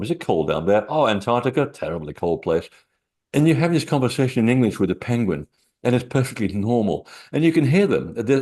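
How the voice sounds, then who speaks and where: Low-voiced man telling rambling anecdotes. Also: darkish tone. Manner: rambling, anecdotal, many fillers. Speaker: author and guest. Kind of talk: casual interview talk.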